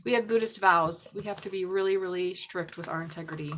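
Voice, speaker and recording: A woman's voice: on the low side, brisk, fairly bright tone, slight background noise. A middle-aged woman giving a live-stream tarot reading, blunt and profane, joking and laughing often. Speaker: tarot reader.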